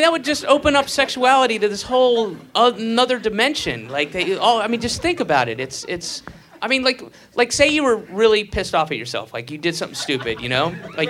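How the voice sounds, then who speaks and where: A grown man doing a crude stand-up routine on a club stage. He rambles through fillers and restarts, then breaks into loud acted outbursts. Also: high voice. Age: adult. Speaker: stand-up comedian.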